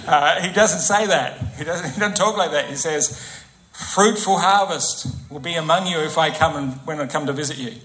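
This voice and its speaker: A man's voice: fairly high pitch, normal speed. A man preaching a conversational sermon in a church, often asking the congregation tag questions and acting out quoted voices. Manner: acts out quoted voices with soft asides.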